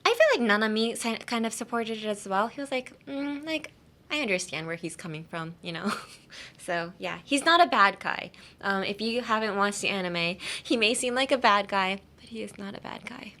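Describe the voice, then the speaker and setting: A woman's voice: medium pitch, lively intonation, a little fast, bright, forceful tone. A woman hosting a casual podcast that teaches English. She talks in a chatty, playful way, laughs often and uses many fillers. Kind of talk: casual language-lesson podcast.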